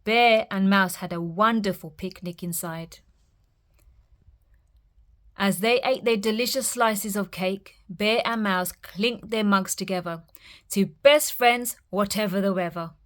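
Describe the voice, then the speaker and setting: A woman reading a picture book aloud for children's storytime, gentle and expressive. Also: mid-range voice, unhurried.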